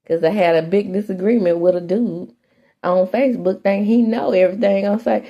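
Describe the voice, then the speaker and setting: A middle-aged woman from Mississippi hosting a casual podcast, chatty and animated, full of slangy asides. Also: mid-range voice, fairly quick, dull audio. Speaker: podcast host recapping a TV soap. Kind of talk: casual chat.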